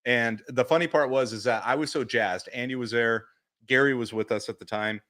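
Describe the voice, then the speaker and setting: A man co-hosting a podcast, chatting casually and telling convention stories, acting out what people said with big jumps in his voice. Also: a little fast. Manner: animated storyteller, acts out quotes with big pitch jumps. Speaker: podcast co-host. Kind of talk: casual chat recap.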